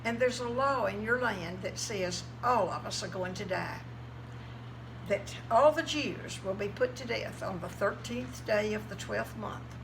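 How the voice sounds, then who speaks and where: Lady reading a brave young queen begging the king, kids bible story, gravelly, noisy. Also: medium pitch, unhurried.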